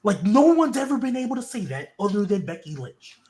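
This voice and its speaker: A man hosting a casual wrestling podcast, his fairly high voice swinging widely in pitch as he rambles through his opinions. He restarts his sentences often and keeps the delivery animated and chatty. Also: brisk. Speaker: podcast host.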